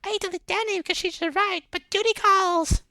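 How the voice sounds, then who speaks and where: Busy wealthy mother, falsetto-high and clipped, put on by a male reader. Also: steady tone, moderate pace, sharp tone, no echo, clean studio sound, heavily acted. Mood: hurried. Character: rich busy middle-aged mother, hurried.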